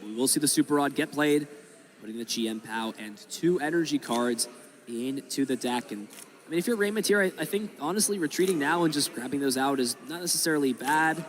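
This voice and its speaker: A man's voice: on the high side, fairly quick. A man commentating a live card game match, talking through each play in analytical detail. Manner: analytical, explains plays at length.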